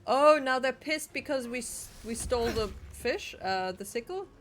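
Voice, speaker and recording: A woman's voice: fairly high pitch, expressive, moderate pace, slight background noise. A young adult woman streaming a video game, chatting casually, exclaiming and reading her dialogue choices aloud. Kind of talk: casual gaming chat.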